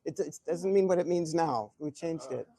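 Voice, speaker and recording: An older man answering audience questions at a live event, telling stories in an animated way, chuckling and often restarting his sentences. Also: a little high, normal speed, no room sound. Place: event hall before an audience.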